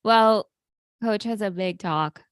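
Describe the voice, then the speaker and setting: A woman's voice: mid-range voice, takes it slowly, clean tone, no echo, studio quality. A woman co-hosting a podcast who walks through the episode plot in matter-of-fact casual chat. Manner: leads the plot summary, steady and matter-of-fact. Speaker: podcast co-host.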